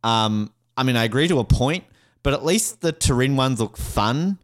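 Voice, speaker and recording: A man co-hosting a podcast, talking in casual banter that is animated and rambling, with lots of laughing and swearing. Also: mid-range voice, moderate pace. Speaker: podcast co-host. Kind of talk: casual banter ranking mascots.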